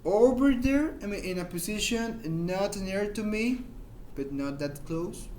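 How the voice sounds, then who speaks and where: Man, high voice, informal English teacher, patient repeated examples, slight hiss. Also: animated. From Mexico. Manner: explains slowly with repeated examples, searches for words. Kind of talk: informal grammar lesson.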